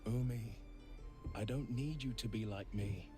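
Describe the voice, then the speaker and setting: An actor playing a calm male warrior mentor who encourages a pupil, in video game dialogue. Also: medium pitch, a little slow, soft background music, lightly acted. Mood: encouraging.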